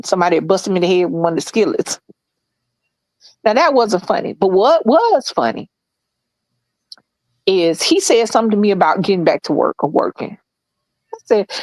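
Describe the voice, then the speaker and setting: A woman co-hosting a podcast, telling a work story in a blunt, profane, animated way. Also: mid-range voice, no echo, poor audio. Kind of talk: casual storytelling chat.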